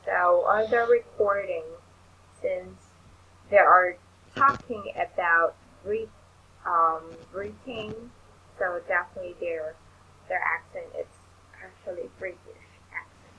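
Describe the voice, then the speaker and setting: A woman tutoring English in an online lesson, explaining things slowly and patiently. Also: on the low side, muffled recording, a little hiss or hum.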